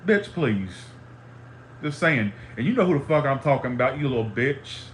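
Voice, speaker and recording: A mid-range, animated male voice at normal speed comes through with slight background noise. His monologue to a live stream audience is an angry, profane, repetitive tirade, recorded with a roomy echo and faint ambience.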